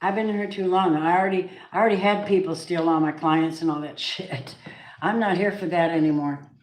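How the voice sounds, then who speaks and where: Chatty low-voiced woman reading tarot. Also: fairly quick. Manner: chatty, excitable, gasps and laughs, breaks into song. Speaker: tarot reader. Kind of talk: casual tarot reading livestream. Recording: echoey room with faint noise.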